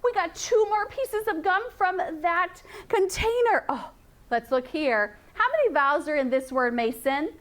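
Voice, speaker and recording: Woman, classroom teacher, sing-song repetition, high-pitched, drawn-out pace. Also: animated, fairly bright tone. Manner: slow, sing-song, encouraging, repeats sounds and rules. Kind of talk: phonics lesson to young students.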